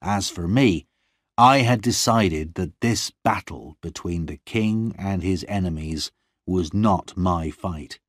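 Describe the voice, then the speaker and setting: A man with a very low, deep voice narrates a first-person story at a slow, measured pace. His reading is calm and even. The sound is dry and close to the mic, with no room around it. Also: no echo. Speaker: audiobook narrator.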